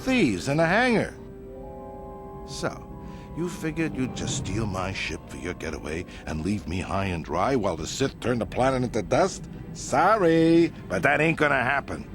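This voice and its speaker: An actor playing a ruthless crime boss, menacing and sneering, in a video game. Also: male voice, mid-range voice, big pitch swings, normal speed. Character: ruthless male crime boss, cornered and angry. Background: game music.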